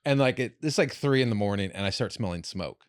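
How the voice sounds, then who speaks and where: A man's voice: fairly low pitch, animated, quick pace, clean tone, no echo, clean studio sound. Rambling, foul-mouthed male podcast host. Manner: rambling storyteller, swears freely, many restarts. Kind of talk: casual podcast chat.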